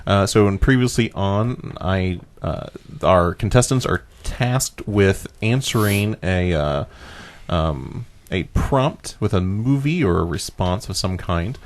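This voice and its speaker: A man's voice: low voice, animated, slow pace. A young man hosting a casual podcast, laughing often and explaining game rules with lots of fillers. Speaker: host.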